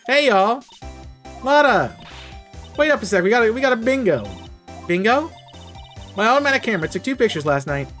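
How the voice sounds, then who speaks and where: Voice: medium pitch, animated, normal speed, long pauses, fairly bright tone, faint music behind, voice pushed up, lightly acted. A streamer voicing a brash, folksy Southern woman photographer with a drawling accent. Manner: folksy, drawling, full of sayings.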